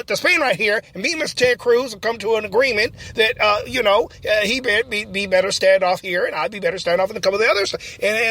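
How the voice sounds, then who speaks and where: A man's voice: sits high, sharp tone, exaggerated voice. A man voicing a rambling, defensive male presidential candidate in a comedy parody, stammering and repeating himself.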